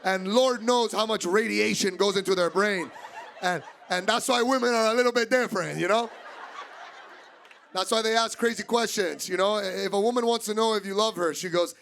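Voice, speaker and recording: A young man from doing stand-up comedy, animated and acting out voices. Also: sits high, normal speed, vocal fry, a little hiss or hum. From Miami, USA.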